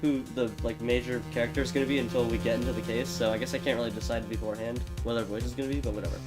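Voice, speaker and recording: A man's voice: medium pitch, fairly even intonation, rapid-fire, few pauses. A man streaming a game, chatting casually and muttering asides between reading lines. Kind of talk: casual game playthrough with voice acting. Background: game music.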